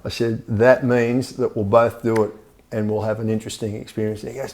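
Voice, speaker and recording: A man's voice: mid-range voice, a little fast, a little mellow. An older Australian man telling stories in a casual interview, rambling, repeating words and calling the host mate. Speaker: podcast guest.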